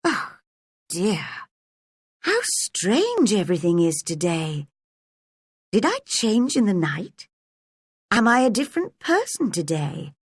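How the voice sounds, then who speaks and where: A woman's voice: mid-range voice, wildly swooping pitch, slow, long pauses, breathy edge, no room sound, clean studio sound, exaggerated voice. A woman voicing a curious, fretful little girl who wonders aloud. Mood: bewildered.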